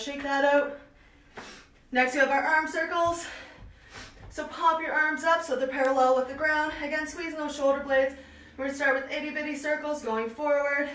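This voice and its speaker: Out of breath but energetic, a young Canadian fitness instructor with a high, bright voice counts reps through a live online home workout. She stands back from a distant camera in a small, echoey room, and there's slight background noise.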